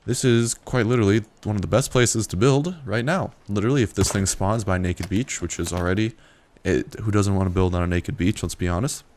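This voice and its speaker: A man's voice: lowish voice, a little fast, a little mellow, a little hiss or hum. A young man casually commentating a survival game, playful and joking with profane asides. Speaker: gameplay commentator. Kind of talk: casual let's-play commentary.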